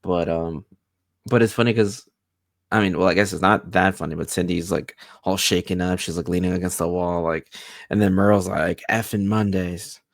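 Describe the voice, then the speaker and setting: A man's voice: sits low, steady tone, normal speed, gravelly, no room sound, studio quality. A man co-hosting a TV recap show, retelling scenes in a loose, laughing chat full of fillers.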